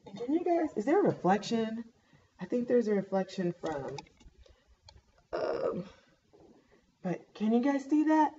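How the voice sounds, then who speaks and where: A woman's voice: fairly high pitch, measured pace. Chatty young woman on a laptop mic. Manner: chatty, animated storytelling with many fillers. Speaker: vlogger. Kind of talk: casual pregnancy update vlog. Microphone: laptop webcam mic. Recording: dull laptop mic with faint hiss.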